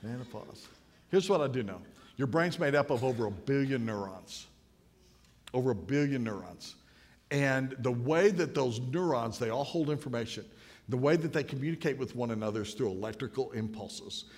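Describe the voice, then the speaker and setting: A man's voice: mid-range voice, lively intonation, normal speed, a little mellow. Man, late 50s, storytelling preacher, folksy and humorous, long hall reverb. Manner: folksy, anecdotal, builds to punchlines. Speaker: speaker at a podium. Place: large hall with an audience.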